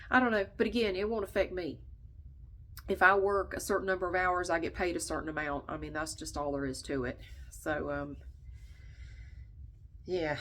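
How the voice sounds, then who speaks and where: A woman's voice: medium pitch, a bit bright. A woman vlogger chatting casually, stuffy and nasal, short of breath, venting bluntly and swearing freely. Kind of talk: casual chat to camera.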